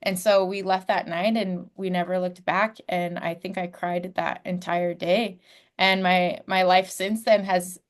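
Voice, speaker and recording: A woman's voice: lowish voice, little pitch movement, unhurried. A woman, a podcast guest in her twenties, telling her life story in a candid, heartfelt way with frequent fillers. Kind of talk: personal storytelling.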